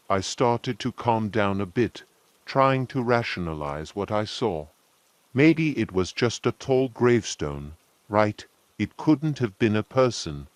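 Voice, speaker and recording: Male narrator for first-person horror tales: unhurried, lowish voice, dry close sound. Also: no room sound. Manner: slow, measured storytelling.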